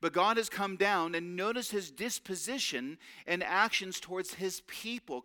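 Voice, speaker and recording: A man's voice: sits high, a little slow, hardly any pauses, sharp tone. A man preaching a sermon, earnest and emphatic, drawing out key phrases.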